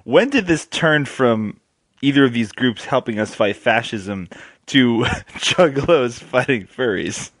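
A man co-hosting a casual podcast, halting and interrupting himself. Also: medium pitch, animated, no echo. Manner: halting, self-interrupting, laughs easily. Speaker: podcast co-host. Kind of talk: casual chat.

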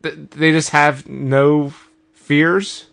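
A man's voice: on the high side, level tone, very slow, vocal fry, fairly bright tone. A man co-hosting a comedy podcast, reacting with incredulous questions in improvised chat. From Ireland. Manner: incredulous, asks many questions. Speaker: podcast co-host.

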